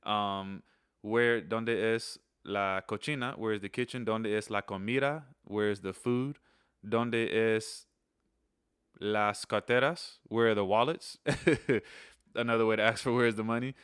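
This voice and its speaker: A man hosting a casual spoken lesson, relaxed, repeating key phrases slowly between chatty asides. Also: on the low side, clear, resonant tone, no echo, clean studio sound. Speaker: channel host teaching phrases.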